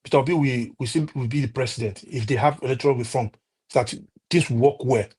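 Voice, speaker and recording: Heated husky Nigerian man ranting. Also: medium pitch, fast talker, a little mellow. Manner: impassioned, repetitive, many restarts and fillers. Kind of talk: heated political rant.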